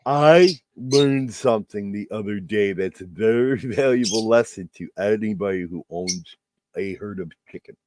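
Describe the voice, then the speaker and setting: A man's voice: fairly low pitch, normal speed, darkish tone, no room sound. A man hosting a casual stream chat, telling a rowdy story with acted-out bits and swearing. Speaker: stream host.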